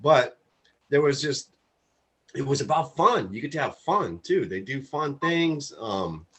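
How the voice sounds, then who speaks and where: A man on a casual podcast, easygoing and quick to laugh. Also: mid-range voice, lively intonation, breathy edge. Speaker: podcast co-host.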